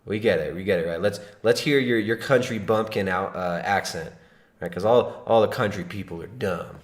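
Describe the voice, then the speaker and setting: A man's voice: on the low side, moderate pace, reverberant. A man hosting a livestream, giving mocking reaction commentary in a sarcastic, laughing way. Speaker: livestream host.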